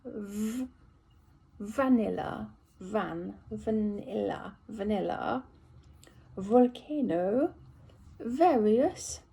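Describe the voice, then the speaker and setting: An English woman works slowly through a word list, shaping each sound with careful, effortful precision as she relearns speech after a brain injury. Her voice is low-toned and mellow with a gravelly, husky grain. She pauses between each word at a very unhurried pace. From England. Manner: slow, effortful, deliberate word-by-word articulation. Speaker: vlogger recording speech practice. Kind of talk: reading a word list aloud for speech practice.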